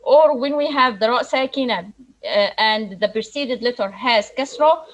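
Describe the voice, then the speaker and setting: A woman's voice: fairly high pitch, low-quality recording. A woman teaching recitation rules in an online lesson, explaining patiently with frequent restarts. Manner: explains slowly with frequent restarts, models Arabic words aloud.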